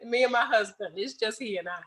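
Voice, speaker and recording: Guest: woman, middle-aged, bright-pitched, animated, laughs easily. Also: fairly quick, low-quality recording. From United States. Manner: animated storyteller, laughs often. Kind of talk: casual interview chat.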